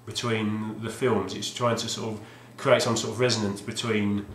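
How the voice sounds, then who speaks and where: A man's voice: fairly low pitch, little pitch movement, moderate pace, a bit bright, slight background noise. Hesitant, wry male vlogger with a mid-range voice, recorded at home in a reverberant room. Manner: hesitant, restarts often, wry. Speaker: video game collector vlogger. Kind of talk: rambling casual monologue. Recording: roomy echoey home recording.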